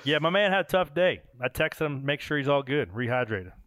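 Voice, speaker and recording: A man hosting a podcast who is also a race driver, telling animated stories in casual chat and swearing now and then. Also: fairly high pitch, fairly quick, dry recording.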